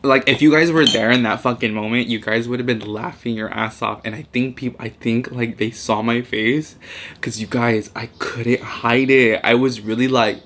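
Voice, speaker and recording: A man's voice: mid-range voice, steady tone, moderate pace, a bit bright. A young man in his twenties, a vlogger telling a story casually and animatedly, swearing often and mixing in Spanish words.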